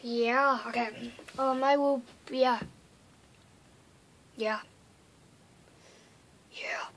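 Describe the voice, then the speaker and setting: A woman vlogging casually to camera, hyper and playful, swinging between loud pleas and whispers. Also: on the high side, fairly even intonation, very slow, long pauses, slight background noise.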